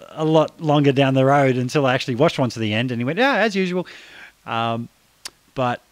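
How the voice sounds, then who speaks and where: A man's voice: mid-range voice, no echo. A man in his fifties from Australia with an Australian accent, hosting a casual podcast chat, talkative, laughing often and swearing casually. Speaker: podcast host.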